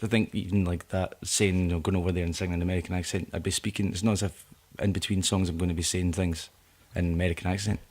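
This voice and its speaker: Scottish man, Scottish accent, low husky voice, laid-back rambling chat. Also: flat delivery, fast, hardly any pauses. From Scotland. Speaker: singer-songwriter guest. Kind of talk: casual chat.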